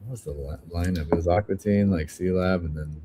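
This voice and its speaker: Chill guy w a really low voice, lots of likes, faint hiss behind. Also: fairly even intonation, fairly quick. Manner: laid-back, fillers, agreeing. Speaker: podcast co-host. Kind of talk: casual chat.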